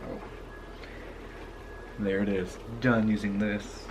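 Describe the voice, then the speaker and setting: Young dad chatting to a handheld camera. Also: male voice, fairly low pitch, flat delivery, takes it slowly. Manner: chatty, talks straight to the camera. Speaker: father and vlogger. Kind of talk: casual home vlog. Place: home, then in a car. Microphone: handheld compact camera. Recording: background noise with vehicle hum.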